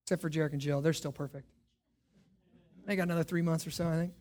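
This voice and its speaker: High-voiced pastor preaching with swings. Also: male voice, fairly even intonation, quick pace. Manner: emphatic preaching, rhetorical questions, swings from hushed to loud. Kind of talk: sermon.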